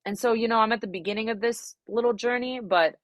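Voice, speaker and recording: A woman's voice: a little high, quick pace, dry recording. A young adult woman, a singer-songwriter, answering interview questions frankly and reflectively, with many fillers and some swearing.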